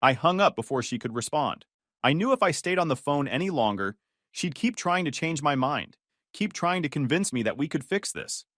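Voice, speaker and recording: A man giving a scripted first-person story narration in a measured, firm way. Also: on the high side, sing-song, a bit bright, no room sound, clean studio sound.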